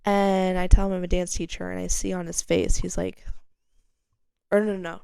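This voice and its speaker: Speaking at a normal speed, this young podcast host spins a casual, candid story in a relaxed, dark voice with a gravelly fry. She curses freely, leans heavily on "like" and leaps sharply in pitch and volume whenever she quotes someone. The sound is close and dry, without echo or any room around it.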